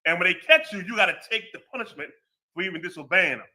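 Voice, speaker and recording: Former cop, male, high lively bright voice, slangy storyteller. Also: quick pace. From American Southwest. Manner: street slang, animated storytelling. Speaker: former law enforcement. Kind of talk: casual chat.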